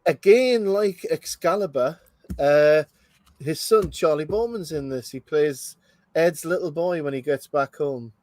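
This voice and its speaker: Host for a watch-along commentary: a rambling man, higher voice, dry sound. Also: unhurried, darkish tone, no room sound. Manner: rambling, thinking aloud with many fillers. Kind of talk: casual movie commentary.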